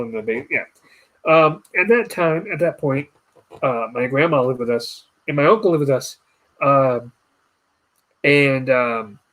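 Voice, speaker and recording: A young adult man hosting a casual podcast chat, telling stories and mimicking voices. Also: mid-range voice. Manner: storytelling, animated mimicking voices. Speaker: podcast host.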